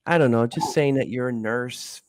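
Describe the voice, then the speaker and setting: A man's voice: medium pitch, moderate pace, no echo. A man hosting a podcast interview, asking rambling questions and joking around. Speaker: podcast host. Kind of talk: interview chat.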